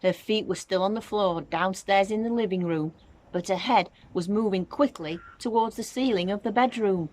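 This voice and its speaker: A woman teacher reading a children's book aloud with clear, expressive storytelling. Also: medium pitch, moderate pace.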